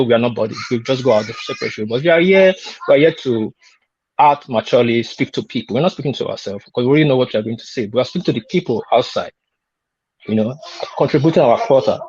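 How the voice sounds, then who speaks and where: A man's voice: mid-range voice, a little mellow, breathy edge, no room sound. Insistent man on lo-fi audio. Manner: insistent, repetitive, talks over interruptions. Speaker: panel guest. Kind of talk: heated online panel talk. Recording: lo-fi call audio.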